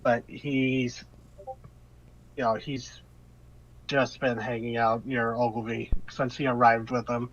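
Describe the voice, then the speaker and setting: A man narrating a tabletop game as game master, describing the scene in a relaxed way with many fillers. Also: mid-range voice, slow, pauses often. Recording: dull lo-fi audio.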